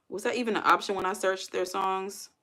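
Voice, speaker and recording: A woman's voice: medium pitch, pushed and bright, breathy edge. A woman chatting casually on a livestream, thinking aloud and answering viewer comments. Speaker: livestream host.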